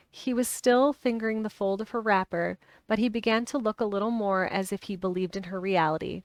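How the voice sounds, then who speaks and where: A woman's voice: mid-range voice, steady tone, a little fast, hardly any pauses, no echo. A woman reading a novel aloud on a live stream at home, breaking off for chatty asides to her viewers. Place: home with dogs around.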